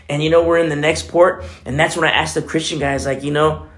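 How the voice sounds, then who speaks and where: A man's voice: on the high side, flat delivery, fairly quick, a bit bright. A man preaching a casual, conversational sermon in church, telling a personal story with many fillers. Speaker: pastor.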